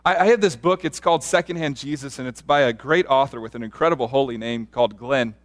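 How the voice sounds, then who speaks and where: A man preaching a sermon as a pastor, earnest and animated, often restarting his sentences as he tells stories. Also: medium pitch, quick pace.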